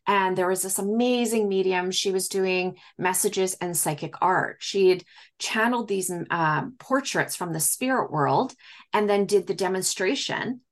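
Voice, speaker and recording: She has a mid-range voice and a measured pace. Chatting as an interview guest, she recounts her story with many fillers, dramatizing the words of others.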